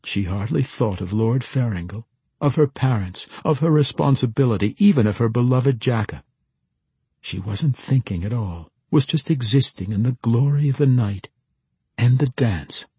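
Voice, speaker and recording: A man narrating a fantasy audiobook in a steady, measured way. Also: medium pitch, husky, no echo.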